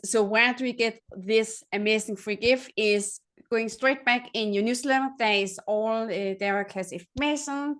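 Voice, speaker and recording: Earnest woman interview host. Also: mid-range voice. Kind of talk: interview hosting.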